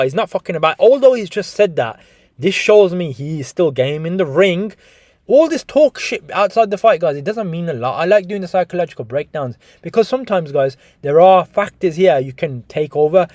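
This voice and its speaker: A man's voice: on the high side, a little mellow, dry recording, clean studio sound. A young man giving a casual boxing breakdown, chatty and full of restarts, calling his viewers "guys". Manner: chatty, repeats "guys", frequent restarts and swearing. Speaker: boxing analyst.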